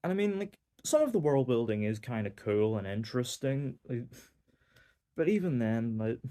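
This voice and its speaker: A young man from Northern Ireland with a Northern Irish accent talks casually through a movie review. His voice is mellow and warm, at a middling pitch. He rambles with frequent fillers and dry, wry asides. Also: very animated, moderate pace. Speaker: film reviewer.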